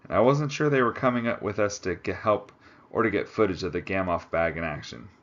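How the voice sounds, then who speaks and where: Low voiced guy reading a book out loud, chatty little asides, muffled lo-fi sound. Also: brisk. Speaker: audiobook reader. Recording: slightly muffled lo-fi recording.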